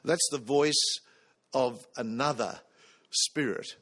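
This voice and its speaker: A man's voice: mid-range voice, slow pace, a bit bright. A man preaching a sermon, earnest, putting questions to the congregation.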